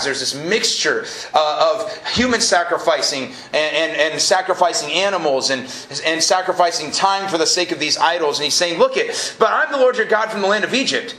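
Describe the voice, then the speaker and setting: A man preaching a lively, casual sermon to a college group, joking and then rising to emphatic peaks. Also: a little high. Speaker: pastor. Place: college event hall. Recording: live room echo, faint noise.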